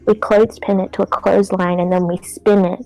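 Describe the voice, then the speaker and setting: A woman's voice: medium pitch, flat delivery, fairly quick, a little mellow, faint music behind, low-quality recording. A woman, a podcast guest chatting matter-of-factly. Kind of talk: casual chat.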